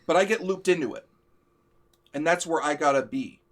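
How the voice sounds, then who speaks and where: Guy on a stream going off, angry and sweary, slightly high voice. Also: moderate pace, fairly bright tone. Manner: heated, profane, emphatic. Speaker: show host. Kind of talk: ranting live-stream chat.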